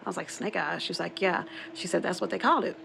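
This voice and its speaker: Gravelly woman telling a spooky true story. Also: on the low side, fast, a bit bright, slight background noise. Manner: rambling, repeats herself, quotes others in dialogue. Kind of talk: casual spoken true story.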